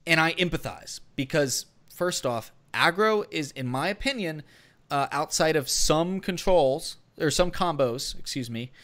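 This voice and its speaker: A man's voice: fairly high pitch, expressive, unhurried, a bit bright. A man co-hosting a gaming podcast, giving casual strategy advice in a rambling way with many fillers and restarts. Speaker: podcast co-host.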